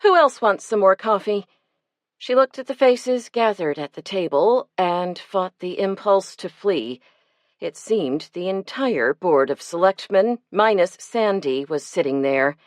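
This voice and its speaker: A woman narrating a cozy mystery audiobook in a measured, even storytelling manner. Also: fairly low pitch, no echo, clean studio sound.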